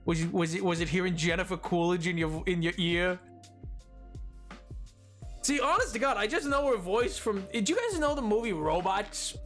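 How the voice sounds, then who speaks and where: A man's voice: sits high, expressive, moderate pace, a bit bright, faint music behind. A man livestreaming a game, chatting casually and laughing often, with frequent stammered restarts and repeated words. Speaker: streamer.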